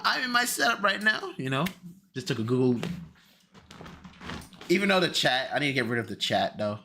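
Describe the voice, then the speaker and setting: A man's voice: on the low side, pushed and bright, a little hiss or hum. A young man streaming casually, rambling and exclaiming to himself as he sets things up. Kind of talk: casual stream chat while setting up a video.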